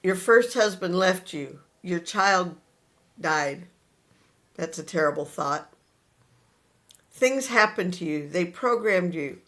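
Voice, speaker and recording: A man teaches an audience in an unhurried spiritual talk. He speaks slowly in short phrases with pauses between them. He turns straight to his listeners and says his key points again and again with earnest insistence. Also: high voice, lively intonation, pushed and bright. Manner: earnest, addresses listeners directly and repeats points.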